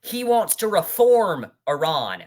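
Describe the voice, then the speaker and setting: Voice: medium pitch, big pitch swings, slow pace, a little mellow. A political commentator with a mid-range voice rants over a played speech. The delivery is heated and scornful, speaking straight at the speaker as if face to face. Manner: ranting, addresses the speaker directly, scornful.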